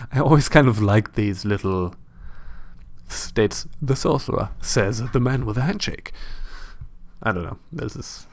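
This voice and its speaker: A man with a German accent talks through a retro role-playing game, chatty and thinking out loud with self-deprecating remarks. His voice has a gravelly, creaky edge that sinks into vocal fry. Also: fairly low pitch, lively intonation, a little slow. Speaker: let's play host. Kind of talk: casual gameplay commentary.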